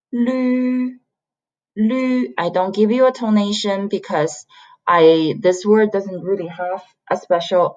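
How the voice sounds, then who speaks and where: Her voice is lowish with a darkish tone as she, a Chinese teacher from China, patiently repeats sounds to model tones in a beginner pronunciation lesson. The recording is slightly dull and lo-fi.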